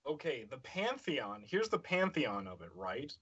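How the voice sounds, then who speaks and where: A man reading bits of text aloud in a casual chat and slipping in dry sarcastic asides. His voice is bright and husky, and his pitch moves around a lot. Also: very animated, unhurried, highs cut off.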